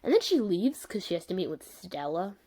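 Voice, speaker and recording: A woman's voice: lowish voice, very animated, a little fast, dark tone. A young woman ranting through a casual video review, exasperated and rambling, with lots of fillers. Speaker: vlogger reviewing a show.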